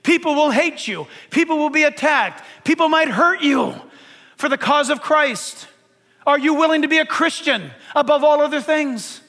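High, bright-voiced preaching man. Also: lively intonation, normal speed, big-room sound. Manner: dramatic preaching, swings between shouts and near-whispers. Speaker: pastor. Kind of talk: sermon.

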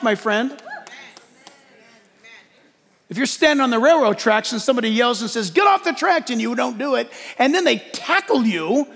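A male pastor preaching a lively sermon in church, joking and acting out quotes as he goes. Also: very high voice, in a large hall. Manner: animated preaching with jokes and acted-out quotes.

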